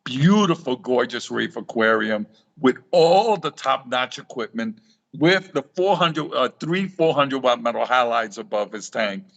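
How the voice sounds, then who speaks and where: Middle-aged man telling lively stories. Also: medium pitch, unhurried, vocal fry, dull audio. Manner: animated storytelling, acting out quoted dialogue with repeated restarts. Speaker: guest, reef aquarium author. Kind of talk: storytelling in a live talk show interview.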